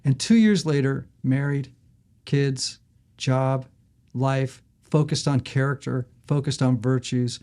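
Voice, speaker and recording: A man's voice: medium pitch, takes it slowly. A middle-aged man, an author and guest, telling stories animatedly in conversation and acting out the voices in them. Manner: lively, acts out voices in anecdotes.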